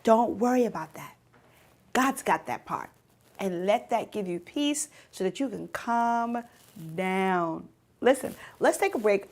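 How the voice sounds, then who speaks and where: A woman's voice: medium pitch, animated, a little slow, darkish tone. A woman teaching a youth church lesson, speaking directly to teens and repeating her key points for emphasis.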